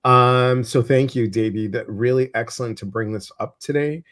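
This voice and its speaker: A man with a Chicago accent, co-hosting a casual livestream, reading viewer comments in a chatty, animated way that repeats phrases for emphasis. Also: medium pitch, moderate pace. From Chicago, US Midwest.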